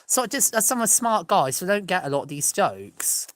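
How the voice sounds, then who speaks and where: With a lowish, sing-song voice moving a little fast, an Englishwoman vlogs alone in a recording free of room sound. She drifts between jokes, says sorry a lot, goes off on tangents and laughs at what she says, all in a rambling comic monologue.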